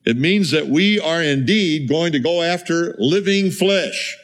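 A man's voice: fairly high pitch, expressive, unhurried, few pauses. Man preaching a conversational sermon. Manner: conversational preaching with rhetorical questions and asides. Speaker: pastor.

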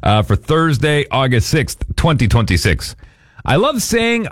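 A man hosting a radio morning show, chatting and joking casually with quick asides. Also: fairly high pitch, huge pitch swings, no room sound, clean studio sound. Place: radio studio.

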